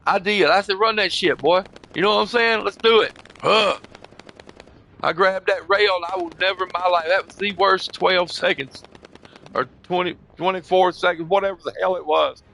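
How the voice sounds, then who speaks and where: A man's voice: sits high, steady tone, normal speed, vocal fry, sharp tone. An older man telling a long, rambling, emotional story in casual chat, swearing often and saying "bro" and "you know what I mean" again and again. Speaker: gamer chatting on voice chat.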